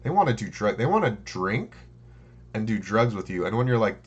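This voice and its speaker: A man co-hosting a podcast in casual chat, telling stories and jumping into playful high impressions. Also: big pitch swings, a little fast, slightly rough, muffled recording. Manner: storytelling, jumps into high childlike mimicry. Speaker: podcast co-host.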